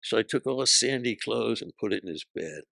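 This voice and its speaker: A man in his sixties, a comedian guest, telling stories in casual chat with a punchy, profane delivery and quick character voices when he quotes people. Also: fairly low pitch, expressive, creaky, a bit bright, no room sound, studio quality.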